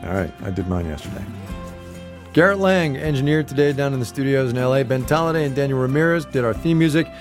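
A man's voice: mid-range voice, lively intonation, quick pace, music in the background. A man co-hosting a podcast in casual, jokey chat. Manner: jokey, bantering. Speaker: co-host.

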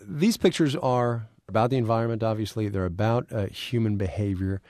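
A man's voice: lowish voice, brisk, darkish tone, no room sound, studio quality. A man hosting a radio news program, introducing and interviewing a guest conversationally. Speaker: radio host.

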